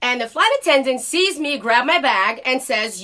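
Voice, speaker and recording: A woman vlogger retells a personal story in a casual, animated voice that sits high in her range. Her tone is bright and sharp-edged, and she speaks bluntly, dropping the odd swear word. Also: normal speed.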